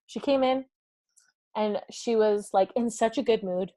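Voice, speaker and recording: A woman's voice: on the high side, unhurried, dry recording. Woman hosting a live stream, gushy and upbeat, laughs a lot, chats right to viewers, dry close sound. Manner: energetic and effusive, laughs often; talks directly to viewers and reads comments aloud. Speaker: summit host. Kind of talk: live-streamed motivational talk.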